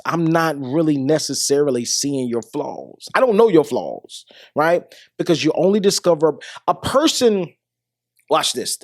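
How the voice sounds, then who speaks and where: This podcast host has a slightly high, somewhat mellow voice, captured dry and clean in a studio. In a casual monologue about relationships, he lectures listeners on dating in a preachy way, repeating his questions for emphasis.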